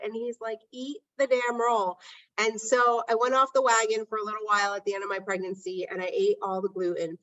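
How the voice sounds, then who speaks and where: A woman's voice: on the high side, a bit bright. Chatty woman podcaster, slightly distant. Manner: chatty, frequent "right?" tag questions. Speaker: podcast host. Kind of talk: casual personal storytelling. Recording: dull sound, slightly distant mic.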